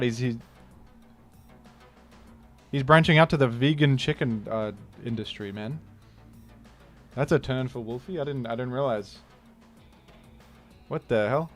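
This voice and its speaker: Aussie guy streaming a game, rambling and joking, yelps when surprised, mid-pitched, light music behind. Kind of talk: casual live-stream commentary.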